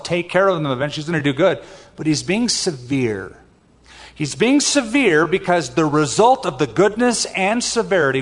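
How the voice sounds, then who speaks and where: A man's voice: fairly high pitch, big-room sound. An older man preaching a sermon in a conversational way, with personal asides. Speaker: pastor.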